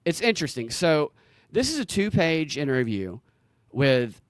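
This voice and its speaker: A man's voice: fairly high pitch, very animated, measured pace, smooth, no echo, clean studio sound. Rambling Southern man on a podcast. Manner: rambling storyteller, laughs easily. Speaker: podcast host. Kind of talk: casual podcast chat.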